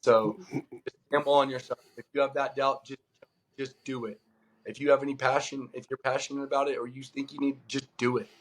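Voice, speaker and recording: A man's voice: medium pitch, brisk, rough recording. A middle-aged man from California, a former baseball pro, telling stories in a loose, casual way, acting out the dialogue he quotes. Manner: loose and animated, acts out quoted dialogue, lots of "like". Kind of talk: casual storytelling.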